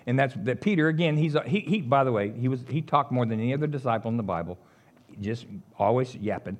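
A middle-aged man, preaching a sermon as an animated storyteller who chuckles along. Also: medium pitch, quick pace.

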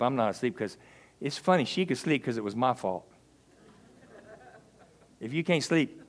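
A middle-aged man, a pastor preaching and telling humorous personal stories. He swings between loud preaching and hushed, confiding asides. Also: lowish voice. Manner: humorous storyteller. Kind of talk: sermon with personal storytelling.

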